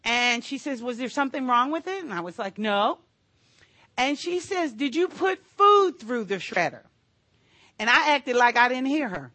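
A woman preaching a sermon, telling a personal story in a chatty, animated way with asides to the congregation. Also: on the high side, moderate pace, no echo.

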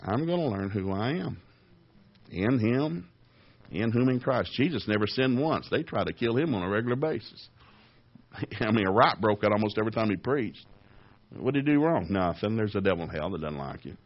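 A man's voice: lowish voice, animated, moderate pace, dull audio. A man preaching a folksy, humorous sermon, firing off rhetorical questions, chuckling, and acting out little dialogues. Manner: plays out little dialogues, raising his voice for the voices of others.

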